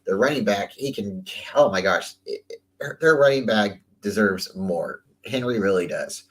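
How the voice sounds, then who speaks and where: Man, lowish voice, casual football picks host, rambling and chatty. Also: a little slow, low-quality recording. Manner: loose and chatty, repeats words, trails off. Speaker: sports talk host. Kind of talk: casual sports commentary.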